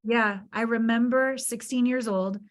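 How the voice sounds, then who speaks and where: A woman's voice: a little high, fairly even intonation, unhurried. A woman guest on a podcast interview, talking earnestly and from the heart and building her stories with emphatic repetition. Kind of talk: conversational interview storytelling.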